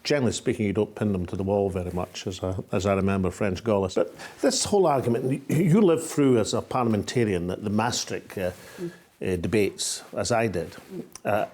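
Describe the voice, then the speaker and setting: An older man with a Scottish accent, hosting a political interview and asking probing, measured questions. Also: lowish voice, a little mellow. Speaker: host.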